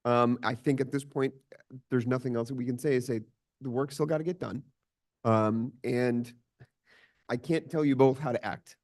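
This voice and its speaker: Male chair, mid pitch, hesitant peacemaker at a council meeting. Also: fairly even intonation, moderate pace, darkish tone. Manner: conciliatory, hesitant, many fillers and restarts. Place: commission meeting chamber.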